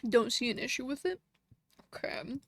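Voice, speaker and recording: A woman streams live and chats casually with her viewers, laughing often as she reads their comments. Her voice sits fairly high and moves a lot in pitch. The sound is dry and close, with no room echo. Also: animated, normal speed. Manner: chatty, laughs often, talks to chat.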